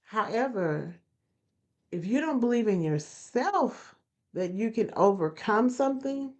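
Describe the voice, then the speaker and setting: Her voice runs fairly high and animated, yet unhurried, with a darkish tone. She hosts a motivational podcast, earnestly repeating phrases to her listeners, and the lo-fi recording sounds dull.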